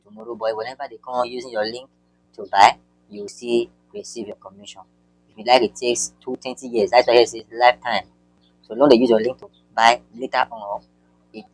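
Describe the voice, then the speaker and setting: A man guides viewers through an on-screen online marketing tutorial, speaking haltingly with repeated words and many fillers. His voice is lowish, and the audio is poor but has no echo.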